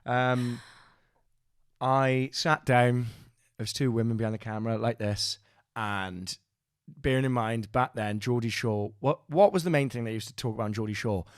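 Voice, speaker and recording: A man's voice: mid-range voice, moderate pace, no echo, clean studio sound. A Welsh man hosting a podcast, telling a rambling, sweary, self-mocking story in casual chat. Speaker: podcast host.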